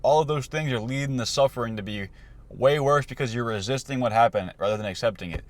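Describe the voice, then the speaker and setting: A man's voice: medium pitch, quick pace. Casual young man giving life advice. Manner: loose and conversational, many fillers and restarts. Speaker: self-improvement coach. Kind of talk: casual motivational talk to camera.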